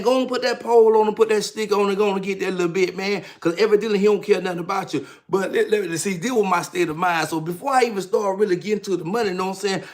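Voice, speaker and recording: A man in his fifties from Georgia with a Southern accent, hosting a casual livestream and telling stories in slangy, hyped talk. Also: high voice. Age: 50s. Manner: hyped, slangy, repeats "know what I'm saying". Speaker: livestream host, author.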